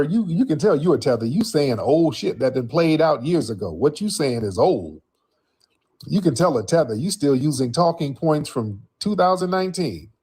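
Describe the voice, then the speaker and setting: A man's voice: medium pitch, darkish tone, husky. A man hosting a call-in livestream, talking bluntly and mocking his callers. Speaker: livestream host. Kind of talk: livestream commentary.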